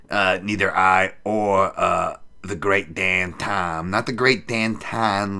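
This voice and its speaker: A man hosting a casual betting podcast, profane and rambling, swinging from loud hype to low mutters. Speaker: podcast host.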